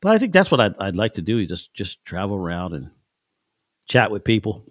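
Middle-aged man, low-ish voice, dry close sound; folksy, chuckling storyteller in a casual chat. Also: sing-song, fairly quick, dry recording. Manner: folksy, chuckling, acts out voices in his anecdotes. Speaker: father telling life stories on his son's podcast.

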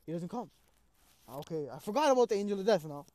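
A man's voice: sits high, fast talker, no room sound. A young man in casual conversation, telling a personal story with street slang and lots of "bro", acting out his own reactions. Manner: animated, acts out his own cries.

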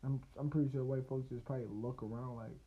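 A man's voice: medium pitch, steady tone, fast, slight background noise. Male podcast host, casual profane rambler, phone-quality audio. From United States. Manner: loose, profane and rambling, with laughs and restarts. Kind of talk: casual solo podcast rant. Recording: tinny phone-like line.

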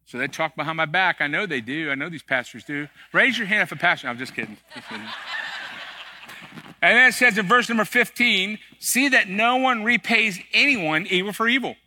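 A man's voice: high-pitched, expressive, a little fast, pushed and bright, a little hiss or hum. A middle-aged man, an executive pastor, preaching a sermon in a church in a conversational, joking and emphatic way. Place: church sanctuary.

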